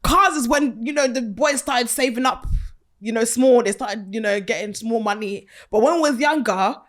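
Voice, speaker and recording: A woman's voice: fairly high pitch, moderate pace, fairly bright tone. Cheeky young woman hosting. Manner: cheeky, laughs often, slangy banter. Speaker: podcast host. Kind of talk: casual chat.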